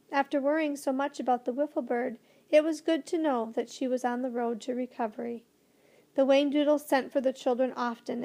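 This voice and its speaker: A woman narrating a children's storybook with a gentle, expressive reading. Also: sits high. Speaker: audiobook narrator.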